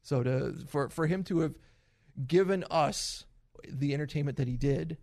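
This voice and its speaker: A man's voice: a little high, moderate pace, gravelly, a little mellow, no room sound, clean studio sound. A man in his forties hosting a casual podcast chat, rambling and upbeat, often laughing. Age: 40s. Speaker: podcast host.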